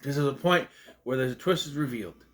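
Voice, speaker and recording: A fast-talking young man with a mid-range voice gives an animated, rambling spoken review of a film, often fixing what he says mid-sentence.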